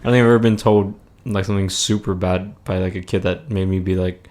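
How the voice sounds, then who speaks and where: A man's voice: low-pitched, steady tone, brisk, a little mellow. A young man as a podcast guest, chatting in an easygoing way, hedging often. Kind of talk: casual chat.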